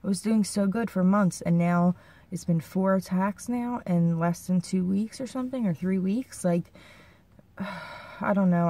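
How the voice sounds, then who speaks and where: A woman's voice: on the low side, a little mellow, no room sound. A young woman talking anxiously and rambling in a personal vlog, sounding shaken and near tears. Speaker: vlogger.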